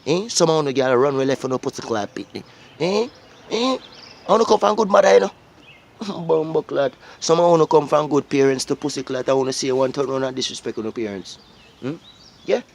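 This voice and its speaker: A man's voice: medium pitch, fairly quick, darkish tone. Jamaican guy ranting at his viewers, preachy, swears a lot, keeps going "eh?". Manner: preachy, profane, repeats questions like "Eh?". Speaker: vlogger.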